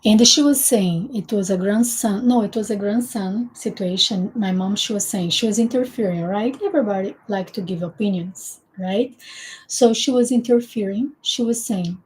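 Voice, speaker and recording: A woman's voice: medium pitch, normal speed, rough recording. A woman therapist giving an earnest, explanatory casual talk about relationships.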